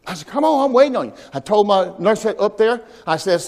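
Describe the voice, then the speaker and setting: Recorded at a church service with long hall reverb and faint background music, a pastor with a high voice delivers an animated sermon a little fast, hardly pausing. He leads call-and-response that builds to shouts and tells stories with acted-out quotes and sound effects.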